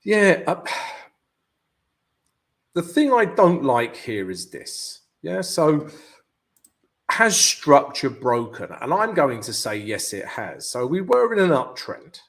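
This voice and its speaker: A man's voice: a little high, sing-song, slow. A man hosting a live trading stream, walking through charts and often checking in with "yeah?" and "guys". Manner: peppers talk with "yeah" and "guys" tag questions; thinks aloud, restarts phrases. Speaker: forex trading channel host.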